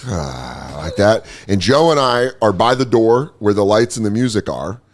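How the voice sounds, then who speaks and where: A man in his thirties, a comedian telling a story in casual chat, acting out quotes and laughing as he goes. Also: fairly low pitch. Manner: animated, acts out quotes, laughs mid-story.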